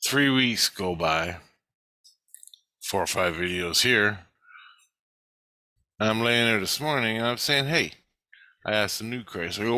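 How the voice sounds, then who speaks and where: A man's voice: on the low side, animated, a little slow, long pauses, bright, forceful tone, no echo. A middle-aged man rambling through a blunt, profane personal monologue about his spiritual life. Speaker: spiritual vlogger.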